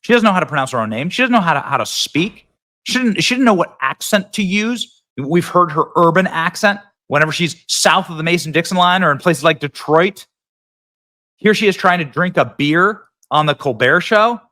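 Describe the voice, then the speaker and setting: A man's voice: fairly high pitch, lively intonation, moderate pace, sharp tone. A man hosting casual political commentary, sarcastic and mocking, sometimes mimicking voices.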